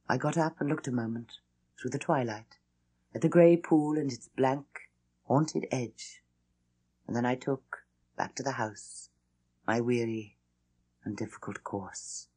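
Brief: woman audiobook reader, lowish voice, very animated, intense dramatic narration. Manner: intense, expressive storytelling.

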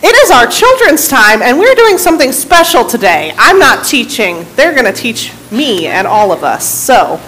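Brief: friendly woman pastor, headset mic, a clearly noisy room behind. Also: on the high side, sing-song, moderate pace, few pauses, pushed and bright. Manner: friendly, chatty, laughing asides. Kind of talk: casual church announcements.

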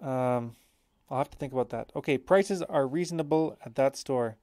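A man's voice: mid-range voice, moderate pace, mellow, no echo. A man teaching a language lesson, explaining example sentences patiently and correcting himself as he thinks aloud.

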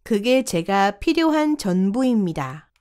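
A woman briskly reading short sentence prompts for a language lesson. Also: medium pitch, sing-song, a little mellow. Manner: reads each short prompt once, crisply.

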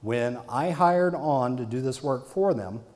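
A man's voice: medium pitch, animated, measured pace, a little mellow. A middle-aged man, a marketing consultant, lecturing a live audience in an emphatic way and stacking repeated phrases for stress.

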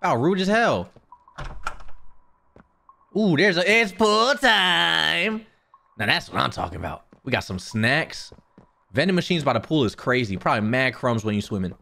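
Male gamer, horror playthrough commentary, panicky and swearing, gravelly bright voice, slow delivery. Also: mid-range voice, big pitch swings, a little hiss or hum. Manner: panicky, swearing, talking to himself. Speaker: gaming YouTuber.

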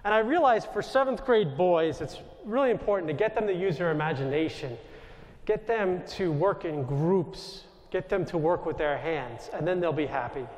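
Man with a New York accent, Jesuit priest, thirties, lively anecdotal talk to an audience, slightly high voice, long hall reverb. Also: normal speed. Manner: animated anecdotal storytelling, asides to the audience. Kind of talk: storytelling talk to a live audience.

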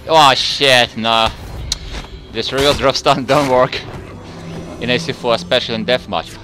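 A man giving live commentary while playing an online game, swinging between low muttering and loud outbursts, swearing and taunting opponents. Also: steady tone, unhurried, long pauses, soft background music. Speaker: gamer with facecam commentary.

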